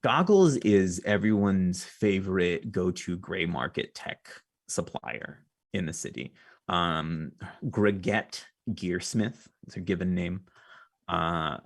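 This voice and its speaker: A man's voice: low-pitched, creaky. A man narrating a tabletop game as game master, in a loose, chatty way full of fillers.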